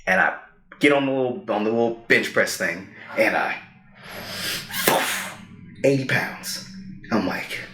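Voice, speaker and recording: A man co-hosting a podcast tells a personal story in a casual, animated way, slipping into quoted voices as he goes. His voice sits fairly low but comes across bright and forceful. The sound carries a noticeable room echo. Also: moderate pace. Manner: animated storyteller who acts out quoted lines. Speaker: podcast co-host. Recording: roomy echo.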